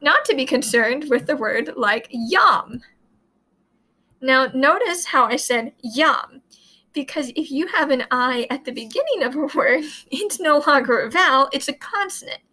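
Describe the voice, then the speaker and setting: A woman's voice: high voice, lively intonation, normal speed, few pauses, bright, forceful tone, low-quality recording. A woman teaching Latin in a casual, chatty way, repeating points and sounding out words as she explains.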